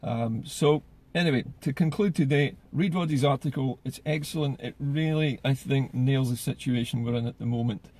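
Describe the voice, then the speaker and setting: Husky, mellow-voiced man commenting. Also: mid-range voice, normal speed, hardly any pauses. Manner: earnest, repeats words while gathering thoughts. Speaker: political commentator. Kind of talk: solo political commentary.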